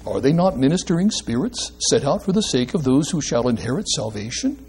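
A man's voice: medium pitch, sing-song, fairly quick, a little mellow, slightly rough. A man preaching a sermon, emphatic and asking the congregation questions as he explains a passage. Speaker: pastor.

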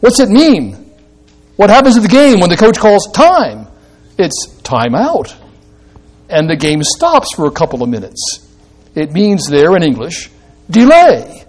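A man preaching a sermon in a high, lively voice that leaps up and down the scale. He teaches through rhetorical questions and dry little jokes, rising to loud emphasis and then dropping low and quiet. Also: unhurried. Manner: animated, swings between loud emphasis and quiet low drops. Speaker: pastor.

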